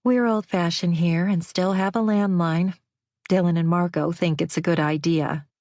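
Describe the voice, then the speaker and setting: A woman's voice: lowish voice, steady tone, moderate pace, no echo, lightly acted. A woman voicing a cheerful, motherly middle-aged host who chirps along. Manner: bright, chirpy.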